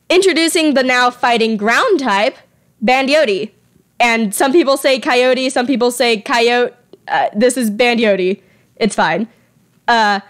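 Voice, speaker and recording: Showing her fan-made creature designs, this artist talks in a fairly high, somewhat bright voice. She's a young woman at home over her drawing, chatty and quick to poke fun at herself, occasionally tripping on her words.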